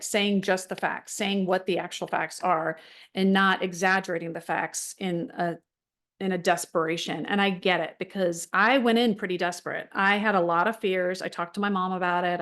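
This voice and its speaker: A woman's voice: lowish voice, fairly bright tone. A middle-aged woman leading a wellness support group, talking casually and frankly with many fillers and restarts. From United States.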